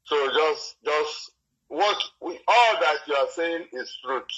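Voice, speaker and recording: A man calling in to a live program. He speaks soothingly and haltingly, with many fillers. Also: on the high side, expressive, pushed and bright, muffled recording. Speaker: caller. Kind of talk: phone call-in.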